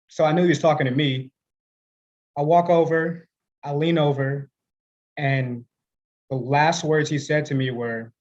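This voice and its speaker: Man, stand-up comedian, deadpan, self-mocking, higher voice, dull lo-fi audio. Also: a little slow, pauses often. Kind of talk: stand-up set.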